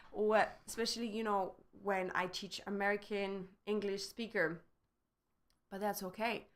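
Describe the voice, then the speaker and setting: A woman's voice: medium pitch, level tone, normal speed, a bit bright. A woman with a French accent giving a casual, chatty live-streamed French lesson, switching between French and English and laughing often. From France. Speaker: French teacher.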